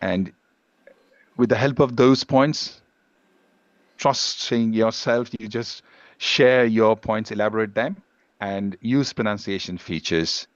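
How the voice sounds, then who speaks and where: A male teacher explains speaking techniques in a steady, instructive way, stressing single words when he demonstrates. His voice sits low, and the recording is dry and slightly dull. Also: slow pace, long pauses, dry recording. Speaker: English language teacher, guest speaker. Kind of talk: live workshop lesson on speaking skills.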